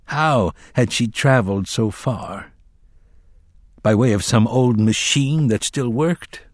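A man narrating a dark fantasy audiobook in a measured, dramatic reading. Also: medium pitch, dry recording, studio quality. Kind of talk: scripted narration.

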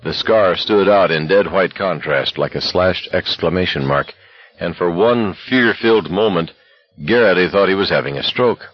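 A man reading a novel aloud as an audiobook narrator, in a steady, even manner. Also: low voice, moderate pace, no echo, muffled recording.

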